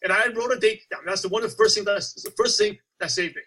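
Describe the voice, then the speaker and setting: A man coaches a sales team in a lively motivational talk, slipping into his younger self as he tells stories. His voice sits high and bright, with a husky edge to it. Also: fast talker, poor audio. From United States. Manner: animated storytelling, acts out his past self. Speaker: network marketing coach.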